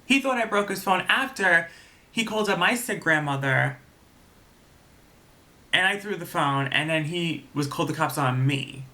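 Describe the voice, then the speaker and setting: A man's voice: on the high side, lively intonation, moderate pace, long pauses, sharp tone. A young man telling a personal story in a vlog, rambling and indignant. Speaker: vlogger.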